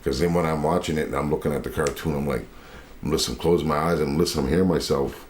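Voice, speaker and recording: A man with a Nova Scotian accent and a deep, bassy, raspy voice, chatting loosely as an interview guest. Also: steady tone, fast talker, a little hiss or hum. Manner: laid-back, loose and rambling. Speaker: rapper and voice actor guest. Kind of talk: casual interview chat.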